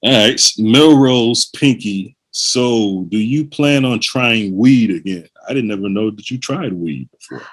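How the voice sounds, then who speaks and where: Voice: medium pitch, measured pace, few pauses. A podcast co-host reading listener questions in casual chat, with short, laid-back reactions.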